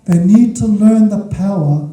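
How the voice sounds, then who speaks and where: A man's voice: sits high, measured pace, warm tone. A man preaching a sermon as a pastor, emphatic, repeating his key points and checking in with the congregation. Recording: echoey hall from far off.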